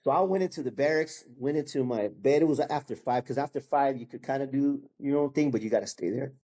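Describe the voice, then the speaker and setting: Mellow-voiced man telling his story. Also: mid-range voice, fast talker. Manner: animated, acts out the people in his story, peppers talk with "bro" and "man". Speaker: guest sharing his testimony. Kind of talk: casual storytelling.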